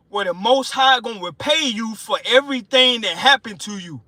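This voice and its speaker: A man preaching an informal sermon, fervent and emotional, repeating himself and slowing down to read scripture aloud. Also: high voice, pushed and bright, dry recording. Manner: emotional, fervent, repetitive, slows down reading scripture. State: excited and sweating.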